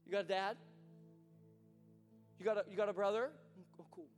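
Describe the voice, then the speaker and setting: A male preacher acting out a flustered man who nervously questions strangers in a hesitant, stammering, quiet way. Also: high voice, normal speed, close to an everyday voice. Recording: hall reverb with soft music.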